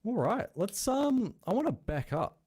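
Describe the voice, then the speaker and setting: A man hosts a crypto show, giving a casual explainer in a blunt, chatty way, thinking aloud, with a noticeable non-American accent. His voice is high and slightly rough, a little mellow, with big pitch swings at a measured pace.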